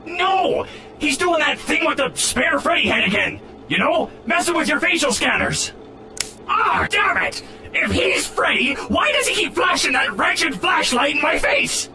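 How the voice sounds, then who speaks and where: A man voicing a hot-tempered male pirate fox animatronic who shouts, curses and uses pirate talk in a cartoon. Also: very high-pitched, very animated, unhurried, far from the mic, background noise, exaggerated voice. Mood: furious.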